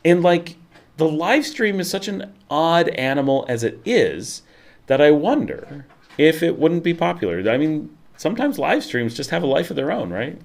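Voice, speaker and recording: A man hosting a casual livestream from his home office, rambling through his thoughts with lots of fillers and lively swings in tone, talking to a desk mic. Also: a little high, normal speed, creaky. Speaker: livestream host. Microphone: desk microphone.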